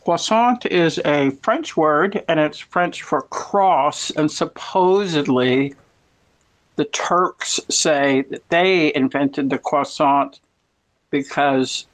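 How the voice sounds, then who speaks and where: A woman's voice: low-pitched, slow, low-quality recording. Woman from the US, rambling chatty storyteller, talking from home mid-snack. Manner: rambling, digressive storytelling while eating. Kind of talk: casual chat. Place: at home in her apartment.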